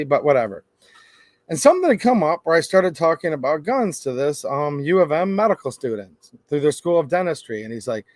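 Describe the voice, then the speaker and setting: A middle-aged man hosts an opinionated commentary, animated, with sarcastic asides and acted-out quotes. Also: on the high side, no echo. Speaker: gun-rights channel host.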